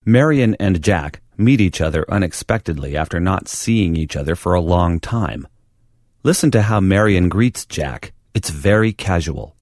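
A man reading an English lesson script in a clear, deliberate teaching voice. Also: low voice, expressive, a little mellow, no echo. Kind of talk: scripted language-lesson narration.

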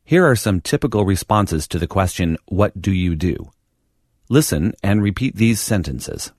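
Man narrating an English lesson, lively pitch. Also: dry recording, clean studio sound. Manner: clear, deliberate teaching delivery. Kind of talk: scripted language-lesson narration.

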